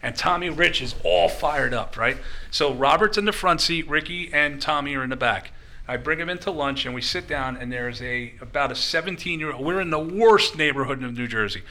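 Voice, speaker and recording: Bright, animated male storyteller. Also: on the high side, brisk. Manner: animated, rambling storyteller with restarts. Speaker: guest. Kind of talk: casual chat, storytelling.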